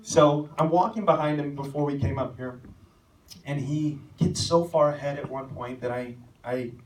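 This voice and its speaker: A young man preaching a sermon as pastor, telling a story and rising to shouted calls at its peaks. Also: medium pitch, normal speed, distant mic, a little hiss or hum. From American. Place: church sanctuary. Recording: echoey church hall, mic from afar.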